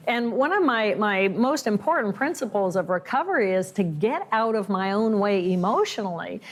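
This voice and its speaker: A woman guest in a conversational interview, speaking expressively and acting out inner voices as she explains. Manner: expressive, acts out inner voices with rising pitch.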